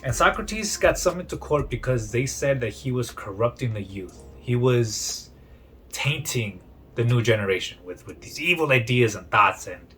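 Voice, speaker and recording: A man's voice: medium pitch, animated, normal speed, fairly bright tone, a little hiss or hum. A young man casually summarizing a book he read, in a chatty retelling full of "he's like" and restarts. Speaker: book reviewer.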